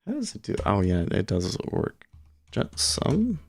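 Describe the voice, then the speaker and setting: Laid-back slow-talking streamer man. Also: on the low side, huge pitch swings, vocal fry, a little mellow, breathy edge, dry recording. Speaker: day trading livestream host. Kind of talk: casual live trading commentary.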